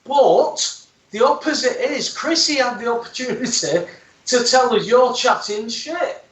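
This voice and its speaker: Male co-host, high, insistent, roomy, off-mic. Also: measured pace, fairly bright tone, distant mic. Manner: emphatic, interjecting. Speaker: guest co-host. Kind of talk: casual chat.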